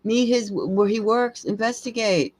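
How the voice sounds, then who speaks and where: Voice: mid-range voice, unhurried, darkish tone, a little hiss or hum. A tarot reader giving a live reading, with blunt, emphatic advice, casual swearing, and sentences that ramble and restart.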